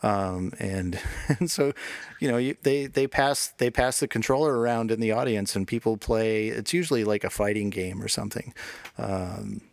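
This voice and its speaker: A man's voice: fairly low pitch, normal speed, no room sound. A man guesting on a podcast, talking casually in a rambling way with many restarts. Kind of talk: casual chat.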